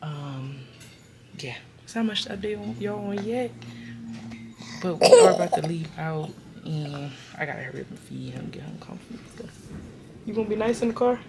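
A woman's voice: deep voice, expressive, normal speed, creaky, very noisy. A woman filming a casual family vlog, chatty and laughing often, talking to her viewers from the car. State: out of breath. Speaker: vlogger. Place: car on the road.

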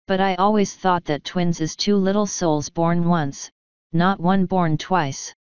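A woman's voice: on the low side, steady tone, unhurried, a little mellow, clean tone, no room sound, dull audio, natural voice. A woman voicing a chatty elderly midwife with folksy, g-dropping speech. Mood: reminiscing.

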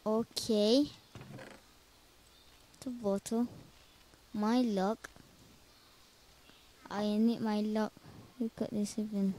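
Nervous woman, slow game commentary. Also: mid-range voice, little pitch movement, mellow. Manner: jumpy, nervous, talks to herself while playing; non-native English with small grammar slips. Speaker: gamer. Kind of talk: casual let's-play commentary.

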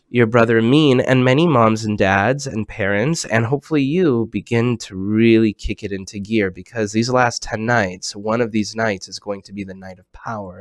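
A man hosting a children's program over a video call, talking animatedly and swinging between hushed and excited tones. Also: lowish voice, no echo, studio quality.

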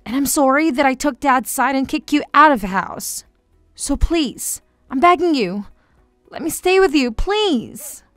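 Casting: a woman playing a begging teen daughter, high and bright, dry close sound, soft music under. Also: lively intonation, a little slow, no room sound. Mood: pleading. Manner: pleading, tearful. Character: desperate teenage girl begging her mother.

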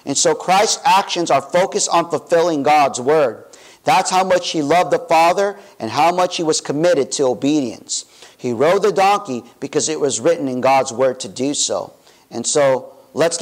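Casual young pastor preaching. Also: male voice, fairly high pitch, animated, moderate pace, rough recording. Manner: informal, with self-corrections and asides; directs volunteers in a playful way. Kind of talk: sermon. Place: church sanctuary.

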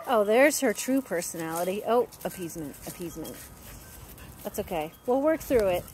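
A woman's voice: mid-range voice, animated, normal speed, heavy background noise. A woman dog trainer giving casual commentary on two dogs at play, gushing and talking to them in a sing-song voice.

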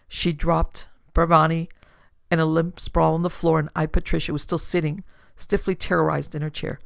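A woman's voice: low voice, level tone, normal speed, creaky, no room sound. A woman narrating a classic pulp detective story with dramatic storytelling for her podcast. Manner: dramatic storytelling, builds force in action scenes.

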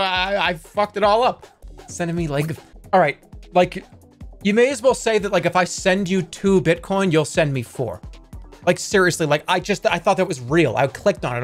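A man streaming a text adventure game, excitable, swearing and laughing as he reads the story text aloud in a casual gaming livestream. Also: on the high side.

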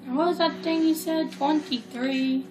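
A woman's voice: high-pitched, steady tone, normal speed, noisy background. A woman giving rambling, jokey, casual commentary while playing a video game. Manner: rambling, chatty, jokey asides. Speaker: gameplay commentator. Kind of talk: casual let's play commentary. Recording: roomy echo with loud game music.

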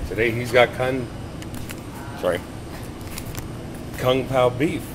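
Middle-aged man, jokey vlogger behind the camera, mid-pitched, noisy room. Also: slow, pauses often. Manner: playful, mock-formal narration. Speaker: vlogger filming friends. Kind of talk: casual joking vlog commentary. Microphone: handheld camera. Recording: noisy handheld camera audio.

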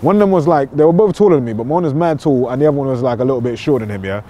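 A young London man tells comic stories in heavy street slang, dropping bruv into nearly every line. His voice is mellow and dark. He talks at a fast clip. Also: medium pitch, muffled recording. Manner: slangy street talk, says bruv constantly. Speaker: storyteller. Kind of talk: comedic storytelling.

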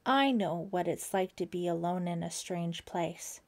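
A woman voicing a friendly young male camp counselor with a gentle, reassuring manner. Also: fairly low pitch, unhurried. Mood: kind.

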